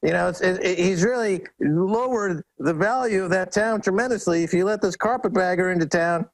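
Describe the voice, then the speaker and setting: Male guest commentator, mocking and sarcastic, animated ranting delivery. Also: high voice, brisk, low-quality recording. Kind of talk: ranting phone-in talk show interview.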